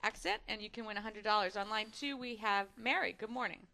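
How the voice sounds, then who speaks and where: A woman hosting a call-in radio show, brisk and upbeat as she runs the calls. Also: mid-range voice, gravelly, bright, forceful tone, slight background noise.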